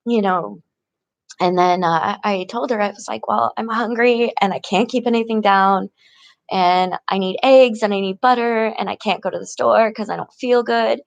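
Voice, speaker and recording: Woman vlogger, rambling and chatty, laughs a lot; middle pitch, dry close mic. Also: fairly even intonation, moderate pace, gravelly, no room sound. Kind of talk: casual personal vlog. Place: tent in an encampment.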